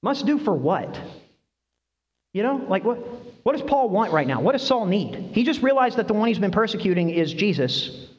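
A man's voice: sits high, normal speed. A male pastor preaching a sermon, asking his congregation questions as he goes. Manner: lively, quizzes the congregation with questions. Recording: long reverb, dull lo-fi sound.

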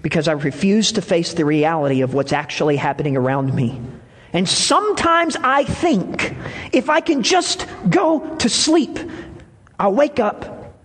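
A man's voice: high voice, animated, a little slow, husky, long reverb tail. A man preaching a sermon, telling stories with emphatic rises and drops. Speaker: pastor.

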